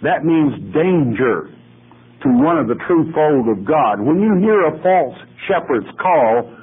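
A male pastor teaching from the Bible in a deliberate way, repeating key words for emphasis. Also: fairly high pitch, big pitch swings, breathy edge, narrow, tinny audio.

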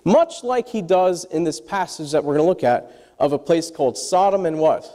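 Man preaching, high lively voice, mellow tone, long hall reverb. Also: moderate pace. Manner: animated, asks the congregation questions. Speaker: pastor. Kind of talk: sermon.

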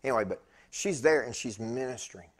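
Man, preacher, husky voice, medium pitch, storytelling sermon, loud then hushed. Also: fairly quick. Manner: animated, swinging between loud bursts and hushed tones.

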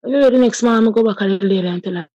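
Speaking rapid-fire, a woman in her thirties with a Jamaican accent shares a heartfelt personal testimony, drifting into patois, her voice husky and mellow. The sound is close and dry, with no echo, and the audio is dull.

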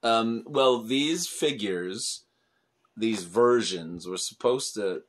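A man's voice: on the low side, slow. A middle-aged man hosting a casual toy review, explaining things patiently and chuckling often. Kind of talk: casual chat.

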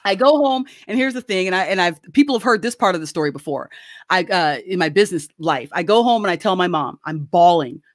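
A middle-aged woman telling a casual story on a video call, animated and laughing often as she acts out quoted voices. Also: fairly low pitch, fairly quick, no echo, clean studio sound. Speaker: guest.

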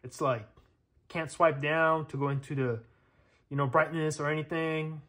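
Guy doing a chatty tech test at his table, lots of um and alright, thinking out loud. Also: on the high side, steady tone, moderate pace. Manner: chatty, thinks aloud, lots of fillers and checks. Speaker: tech reviewer. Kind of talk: casual hands-on demo commentary.

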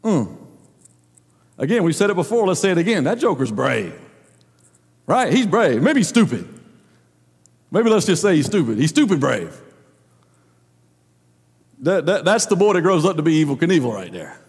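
High-pitched preacher in a reverberant hall. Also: male voice, very animated, moderate pace, pauses often. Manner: emphatic, with frequent rhetorical questions. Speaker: pastor. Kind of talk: sermon. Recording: long reverb of a large hall.

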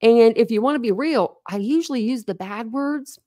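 A woman's voice: fairly high pitch, normal speed, dark tone. A woman hosting a casual livestream, rambling candidly to her chat, laughing often and poking fun at herself. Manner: laughs often, self-deprecating. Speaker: livestream host.

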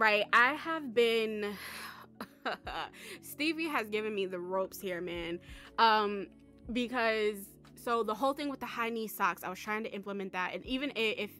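A young woman vlogging casually about a life-simulation game, excitable and rambling, with lots of fillers. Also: medium pitch. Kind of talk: casual chat.

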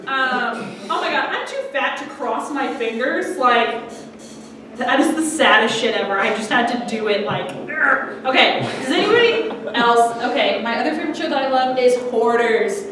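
A young woman performs stand-up in a small restaurant, chatting, giggling and swearing freely in a high, animated voice at a normal pace. The room is echoey, the mic is far away, and the audience can be heard reacting.

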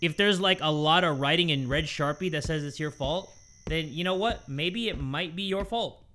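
A man's voice: on the high side, moderate pace, bright, forceful tone, a little hiss or hum. A young man commentating a horror game from home, jumpy and swearing often, talking to his viewers. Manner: jumpy, swears a lot, shrieks when startled; talks to viewers while playing. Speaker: gaming YouTuber.

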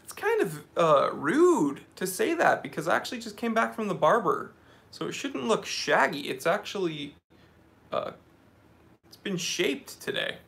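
A man talks easily to his live chat from an office, calling out viewer names and joking about their comments. His voice sits a little high for a man and sounds bright and forward. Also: sing-song, measured pace, vocal fry. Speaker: live stream host. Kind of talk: casual live stream chat.

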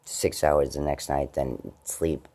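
A woman vlogging casually at home, rambling about her day and her eyesight, and slipping into high baby talk with her cats. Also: little pitch movement, slow, mellow. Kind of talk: casual late-night vlog. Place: at home, indoors.

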